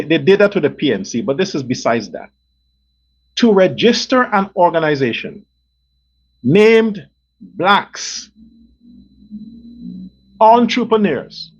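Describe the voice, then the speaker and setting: Male host, angry profane rant, wide swooping pitch, unhurried delivery. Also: breathy edge. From Guyana. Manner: combative, profane, repeats and stresses words. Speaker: show host. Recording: dull lo-fi recording.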